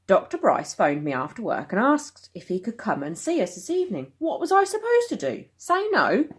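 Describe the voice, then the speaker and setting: A storybook father, defensive and pleading, earnest in every word. A woman reads him aloud, lifting her voice above its low usual pitch. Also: wildly swooping pitch, normal speed, breathy edge, exaggerated voice.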